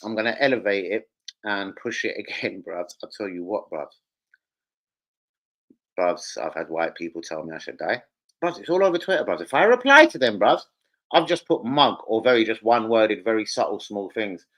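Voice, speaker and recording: A man with a British accent hosting a casual football fan livestream, ranting excitably and swearing freely. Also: fairly low pitch, moderate pace, poor audio. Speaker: live stream host.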